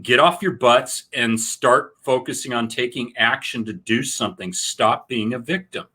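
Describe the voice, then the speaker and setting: Man, bright tense voice, exhorting, blunt co-host. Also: mid-range voice, moderate pace, slightly rough. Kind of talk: casual talk show discussion.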